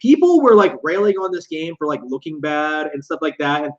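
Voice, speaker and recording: A man's voice: on the high side, sing-song, brisk. A man reacting to a clip in casual commentary, with incredulous, mocking asides. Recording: dull lo-fi audio.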